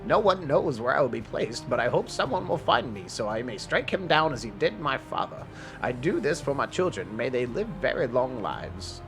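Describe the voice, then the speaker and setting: A man's voice: medium pitch, big pitch swings, moderate pace, vocal fry, music in the background. A man reading aloud as a vengeful imprisoned elf from an old journal, in a rusty voice, during a tabletop game. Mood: grim.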